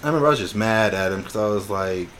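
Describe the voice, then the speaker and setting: A man's voice: lowish voice, fast, slight background noise. Laughing young man telling stories. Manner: animated storytelling with laughter and acted-out quotes. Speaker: podcast co-host. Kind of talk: casual chat.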